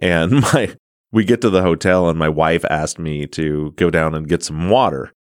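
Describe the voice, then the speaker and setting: Guy hosting a podcast, really low voice, laid back, laughs at himself a lot. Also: normal speed, clean tone, no room sound, studio quality. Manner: easygoing, laughs often, self-deprecating. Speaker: podcast host. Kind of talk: casual interview chat.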